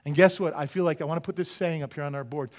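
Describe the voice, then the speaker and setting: Pastor, male, high voice, jokey animated sermon delivery in church. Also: quick pace. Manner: animated, joking, rhetorical questions. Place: church sanctuary.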